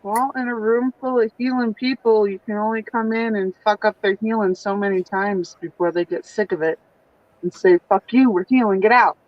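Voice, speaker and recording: A woman's voice: medium pitch, steady tone, moderate pace. A young woman chatting casually with her mother, teasing and swearing freely. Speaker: daughter of the host. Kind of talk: casual chat. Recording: dull muffled sound.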